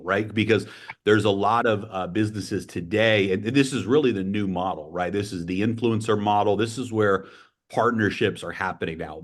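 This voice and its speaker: A man hosting an online community call, talking with enthusiasm and often repeating himself. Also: on the low side.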